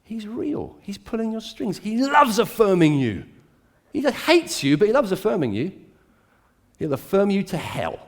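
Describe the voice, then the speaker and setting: Animated preaching man, hushed to emphatic. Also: high-pitched, measured pace. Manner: dramatic, swings from hushed to emphatic. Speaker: pastor. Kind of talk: sermon. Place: church.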